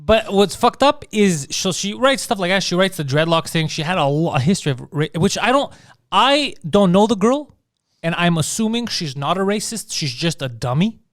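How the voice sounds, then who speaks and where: A man's voice: sits high, very animated, moderate pace, a bit bright, dry recording, studio quality. A man co-hosting a casual comedy podcast, ranting with lots of swearing and restarts. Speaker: podcast co-host.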